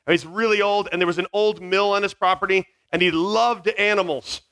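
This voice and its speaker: Bright, high-voiced scatterbrained camp speaker. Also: male voice, steady tone, fairly quick, clean tone. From Virginia. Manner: scattered, self-mocking, jumps between tangents. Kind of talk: joking talk to middle schoolers. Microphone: headset mic.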